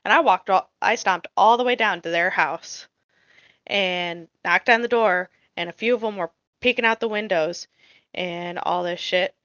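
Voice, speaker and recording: Bright-voiced, profane woman podcaster. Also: medium pitch, dry recording, dull audio. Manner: blunt and profane, getting heated. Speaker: podcast co-host. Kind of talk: casual storytelling chat.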